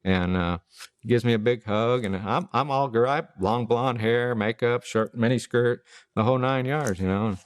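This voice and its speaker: A man's voice: medium pitch, sing-song, moderate pace, no echo, clean studio sound. A man giving a casual, rambling personal testimony. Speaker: testimony speaker.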